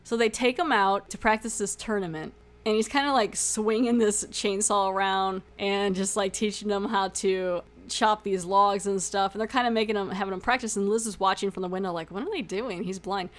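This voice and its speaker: With a mid-range voice, fairly even intonation, and normal speed, a young adult woman hosts a podcast where she casually retells a TV episode. She's chatty, acts out lines, and peppers her talk with "like" and "you know."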